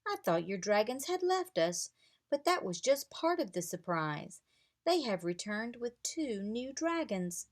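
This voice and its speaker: A woman's voice: on the high side, big pitch swings, measured pace, voice pushed up. A woman voicing a gracious queen who adores dragons, speaking with delight in a read-aloud storybook.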